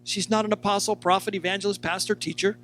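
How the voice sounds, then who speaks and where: A man teaching a sermon, animated, acting out quoted lines and speaking straight to his listeners. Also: high-pitched, quick pace, slight background noise. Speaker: Bible teacher.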